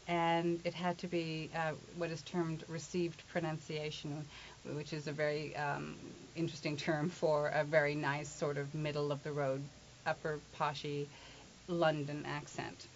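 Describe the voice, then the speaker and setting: A woman working as an accent coach and actress, telling stories in an animated, chatty way. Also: low-pitched, measured pace. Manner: chatty, animated storytelling with laughs. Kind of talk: casual conversation. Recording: lo-fi with faint hiss.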